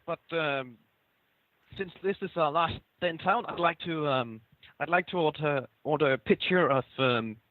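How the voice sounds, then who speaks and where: A man taking part in an online tabletop game, slow and halting as he searches for his words. His voice comes through thin and tinny, like a phone line. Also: a little high, dry recording. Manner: halting, many ums. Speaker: player.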